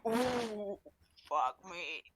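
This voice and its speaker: An easygoing woman taking part in a tabletop game and describing what her character does. She speaks slowly and unhurriedly, recorded close and dry. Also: mid-range voice, lively intonation, breathy edge, no echo, low-quality recording. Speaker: player. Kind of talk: tabletop game play over voice chat.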